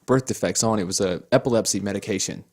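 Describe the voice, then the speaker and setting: Young dude on a crime podcast, low voice, blunt, keeps agreeing with his buddy. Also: fast talker, a little mellow. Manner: agreeable, chimes in often, blunt opinions. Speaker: podcast co-host. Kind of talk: casual true crime chat.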